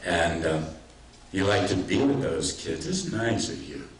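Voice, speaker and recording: A man's voice: low voice, expressive, a little slow. Older man lecturing in a roomy hall. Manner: storytelling, warm anecdotal delivery with self-deprecating humor. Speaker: author giving a talk. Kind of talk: public lecture with anecdotes. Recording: roomy hall, mic at a distance.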